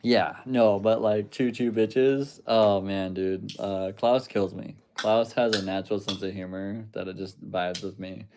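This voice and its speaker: A man's voice: fairly low pitch, flat delivery, a little slow, hardly any pauses, noisy background. A young adult man hosting a casual livestream, reading chat aloud and rambling with loose swearing and laughs.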